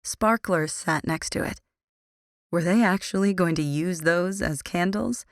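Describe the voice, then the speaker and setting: A woman narrating a first-person young adult audiobook in a wry, low-key manner. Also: unhurried, no room sound, clean studio sound. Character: wry, guarded teenage girl narrator.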